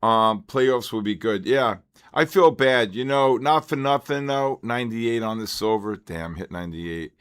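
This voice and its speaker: A man's voice: medium pitch, lively intonation, unhurried, a bit bright, smooth. A man in his sixties hosting a casual live trading stream, chatty and rambling, calling out to viewers by name. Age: 60s. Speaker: trading livestream host.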